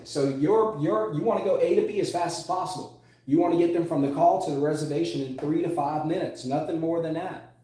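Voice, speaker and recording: A man coaching sales delivers a motivational lesson in a fairly high, mellow voice at a brisk pace. He's emphatic, repeating key phrases and drawing out words for stress, and the room is echoey.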